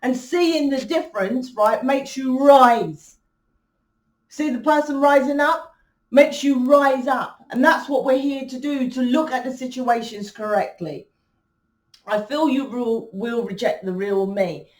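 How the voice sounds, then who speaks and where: A woman's voice: high voice, unhurried, reverberant, far from the mic. A woman giving a spiritual reading to her viewers, blunt and emphatic, swearing freely. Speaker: spiritual reader. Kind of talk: casual monologue to viewers.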